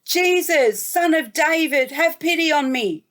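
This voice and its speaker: A woman's voice: high-pitched, lively intonation, takes it slowly, voice pushed up. A woman with an Australian accent voicing a blind male beggar, calling out and pleading in a storybook retelling.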